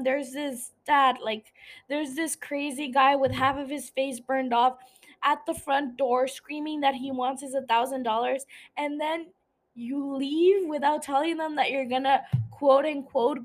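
A young woman hosting a podcast, recapping a TV episode in casual chat, swearing a lot and laughing at her own jokes. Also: high voice. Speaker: podcast host.

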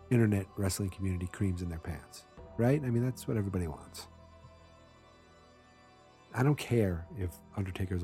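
A man's voice: deep voice, darkish tone, slightly rough. A man hosting a wrestling show, giving casual, rambling, jokey predictions.

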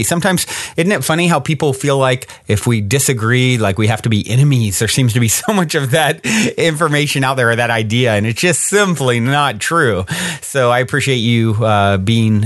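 A man hosts his own podcast in a loose, musing monologue, often pausing on ums and uhs. His voice sits in a middling register and sounds dry and close, with no room around it. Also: mid-range voice, dry recording. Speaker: podcast host. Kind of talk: casual solo podcast monologue.

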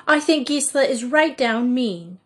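A woman's voice: high-pitched, lively intonation, moderate pace, pitched above the performer's own voice. A woman reading an audiobook, voicing a brash American schoolgirl who grumbles in slang. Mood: grumbling. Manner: cheeky, slangy complaining.

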